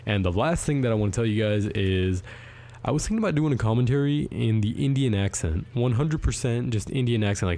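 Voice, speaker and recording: A man's voice: medium pitch, lively intonation, brisk, mellow. A teenage boy vlogging, talking bluntly and informally to his viewers. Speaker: YouTube vlogger. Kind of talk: casual to-camera rant.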